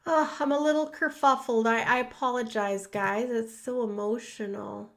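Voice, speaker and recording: A woman's voice: on the high side, steady tone, moderate pace. A woman hosting a livestream from her home studio, emotional and rambling, with many restarts. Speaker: host. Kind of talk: casual livestream talk.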